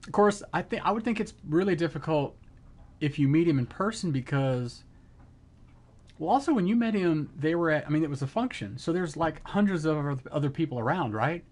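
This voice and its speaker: A middle-aged man streaming live, telling an excited story in casual chat and acting out the quotes. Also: fairly high pitch, a little fast.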